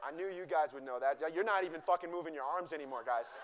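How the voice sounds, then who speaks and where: A man's voice: a little high, fast talker, a bit bright, a little hiss or hum. A man giving a live cooking demonstration to an audience, joking and teasing the crowd in a chatty way.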